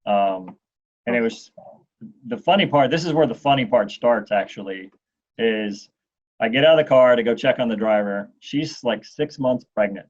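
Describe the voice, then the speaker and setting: A man in his forties, guesting in an interview, tells a long anecdote at a moderate pace in a medium-pitched voice. He's an animated storyteller who acts out what others said, and the recording has a dull lo-fi sound.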